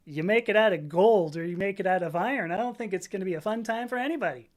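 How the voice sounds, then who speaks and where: A woman's voice: mid-range voice, fast talker. A middle-aged American woman hosting a casual livestream, answering chat comments in a rambling way, often correcting herself. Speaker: livestream host reading chat.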